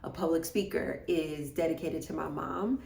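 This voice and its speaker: A woman's voice: low-pitched, moderate pace, vocal fry, darkish tone, slight background noise. A woman vlogging casually about her writing day, rambling and restarting her sentences. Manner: rambling, with repeated words and restarts. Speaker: self-published author vlogging her writing days. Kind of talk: casual talking-to-camera vlog. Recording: echoey room.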